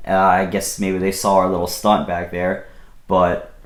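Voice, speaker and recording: Young guy with a low voice, loose and rambling storyteller, recorded in an echoey room. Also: monotone, unhurried. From Pennsylvania. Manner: rambling, full of fillers and restarts. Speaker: vlogger telling a personal story. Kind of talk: casual storytelling.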